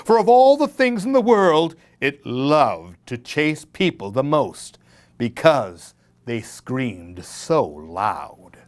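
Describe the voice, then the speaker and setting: A man reading a spooky children's story aloud as a children's librarian, in an animated, dramatic storytelling manner. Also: medium pitch, slow.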